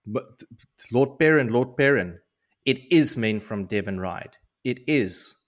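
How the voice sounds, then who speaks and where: A man voicing an eager young boy messenger, breathless and excited. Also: on the low side, moderate pace, creaky.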